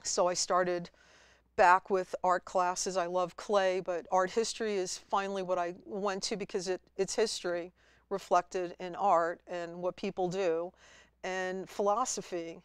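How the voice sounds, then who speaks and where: A woman guest at a college TV studio, telling her story in a lively way and acting out her own past words. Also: lowish voice, moderate pace, clean tone, no room sound. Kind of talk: storytelling interview.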